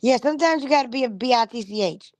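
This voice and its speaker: A woman with a fairly high voice talks bluntly on a casual livestream, piling up pointed questions and swearing freely. Her voice sits close and dry, with no room echo. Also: animated, fast talker, a little mellow. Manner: blunt, profane, emphatic. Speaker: livestream host.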